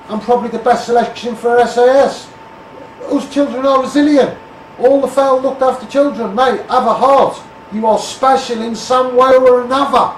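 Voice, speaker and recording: A high-pitched Scouse man hammers out a blunt, emphatic live-stream rant, calling everyone mate. His phone picks him up from a distance, so the voice sounds echoey and roomy, with a faint hiss of background noise underneath. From Liverpool area. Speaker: Facebook Live campaigner. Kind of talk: ranting live stream monologue.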